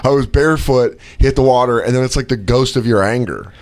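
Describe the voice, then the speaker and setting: A young man co-hosting a radio show, telling a comic story with lively, shouted impressions of himself. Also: medium pitch, fairly quick, no room sound. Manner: animated storyteller, shouting when acting out his anger. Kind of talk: casual comedic banter.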